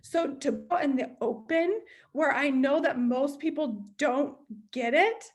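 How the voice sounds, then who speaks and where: A woman's voice: high voice, unhurried. A young woman leading a team meeting, chatty and open, acting out inner voices as she talks. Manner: open and emotional. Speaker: sales team leader. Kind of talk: motivational team meeting talk.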